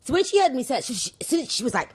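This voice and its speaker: A young woman chats through her podcast in a husky voice that swoops up and down as she goes. She wanders off on tangents, catches herself and picks the thread back up. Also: high voice, big pitch swings, racing. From London. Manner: chatty, rambling, digressive storytelling. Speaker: podcast host. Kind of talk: casual solo podcast chat.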